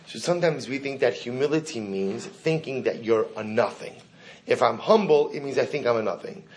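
A man teaching a Talmud class to students. He reads each passage aloud, then translates and explains it, and stops to put questions to the room. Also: mid-range voice. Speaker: Torah teacher.

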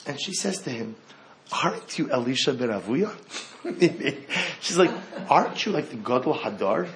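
A man giving an animated Torah talk. He repeats phrases and swings from hushed to loud. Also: medium pitch, normal speed, slight background noise.

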